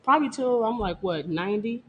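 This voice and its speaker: A woman's voice: fairly high pitch, animated, fairly quick, a bit bright, muffled recording, slight background noise. Blunt, trash-talking woman dancer. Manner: blunt, profane, boastful, laughs often. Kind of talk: casual interview talk. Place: Detroit.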